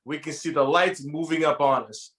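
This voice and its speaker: A man casually telling a story from his youth to a friend, animated and acting out the lines he quotes. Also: on the high side, normal speed. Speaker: podcast co-host telling a story.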